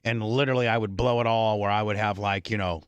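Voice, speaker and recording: A man's voice: on the low side, steady tone, fast, clear, resonant tone, no echo. A man hosting a talk radio show, telling blunt, brash stories in casual banter. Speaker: radio host.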